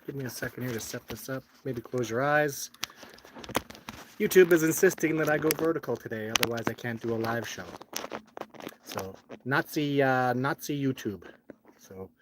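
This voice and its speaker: A man's voice: medium pitch, normal speed, background noise. Frustrated man ranting on a live stream. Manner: frustrated, complaining, rambling. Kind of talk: casual live stream talk.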